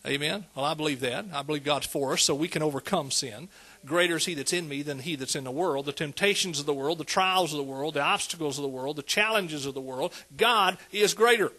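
A man's voice: fairly high pitch, fast talker, hardly any pauses, sharp tone. A man preaching a sermon, conversational and calling out to the congregation. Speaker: pastor.

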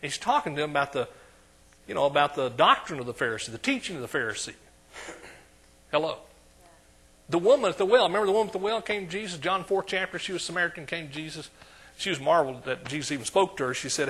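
A husky, slightly high-voiced man with an East Texas accent delivers a sermon at a fast pace in a church. He shifts from quiet asides to loud emphasis and keeps calling for amens.

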